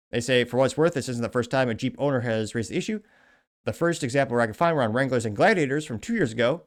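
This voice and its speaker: A male host rattles through a news article at a brisk pace. He breaks in often with wry, chatty asides and corrects himself as he goes. His voice sits at an ordinary middle pitch for a man. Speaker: show host. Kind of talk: casual commentary reading a news article.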